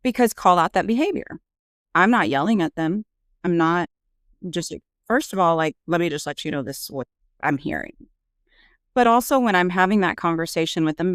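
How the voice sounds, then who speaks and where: A woman's voice: low voice, smooth, no echo, studio quality. A woman nurse practitioner and parent talking candidly in a casual podcast conversation, with frequent fillers. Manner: earnest, candid, frequent "you know" fillers.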